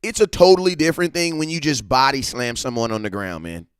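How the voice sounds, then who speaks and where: A man hosting a casual live-stream about football, animated and slangy, repeating himself and breaking into excited shouts. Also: medium pitch, a little fast, smooth, no echo, studio quality. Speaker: live-stream sports talk host.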